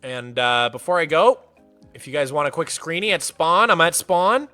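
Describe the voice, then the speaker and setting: A man's voice: fairly high pitch, expressive, normal speed, faint music behind. A man streaming a game live, chatting casually and playfully with viewers, laughing often and greeting newcomers by name. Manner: soft baby talk to his cat. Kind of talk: casual livestream chat.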